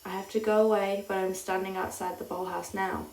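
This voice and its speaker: A woman putting on a male German professor with a German accent, talking fast, stiffly polite and insistent. The sound is roomy and picked up from a distance. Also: medium pitch, level tone, a little mellow, lightly acted. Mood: pressing. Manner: quick, persistent, formally polite.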